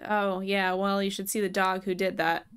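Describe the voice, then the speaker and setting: A woman's voice: medium pitch, level tone, normal speed, a bit bright, smooth, natural voice. A woman reading the lines of a sardonic, self-deprecating young woman in a video game, dry and sarcastic.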